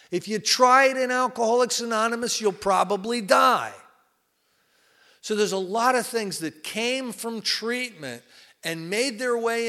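A man's voice: high voice, bright, forceful tone. A middle-aged man giving an informal, plain-spoken talk to a recovery group, folksy with many fillers. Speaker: recovery meeting speaker.

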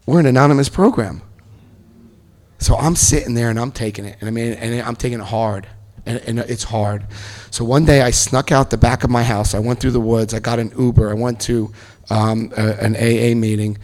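A man's voice: medium pitch, normal speed. Man telling his story to a crowd. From New Jersey, US. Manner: animated storyteller acting out other people's lines, bursts of loud excitement. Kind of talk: personal storytelling speech.

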